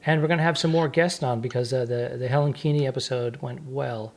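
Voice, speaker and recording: A man's voice: mid-range voice, steady tone, a little fast, gravelly, a little mellow. A man co-hosting a comedy podcast in casual chat, joking and tossing in sound effects and asides. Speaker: podcast co-host.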